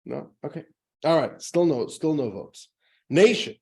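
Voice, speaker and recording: A man, a rabbi, giving a casual lecture to a class, chatty and joking, his pitch jumping up to stress points. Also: expressive, moderate pace, gravelly, a little mellow. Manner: chatty, jokey, pitch jumps up for emphasis.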